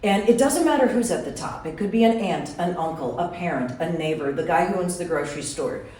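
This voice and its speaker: A woman telling a personal story to a live audience in a lively, chatty way, often speaking to the crowd directly. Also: lowish voice, brisk. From Wisconsin. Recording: roomy hall from far off, faint room noise.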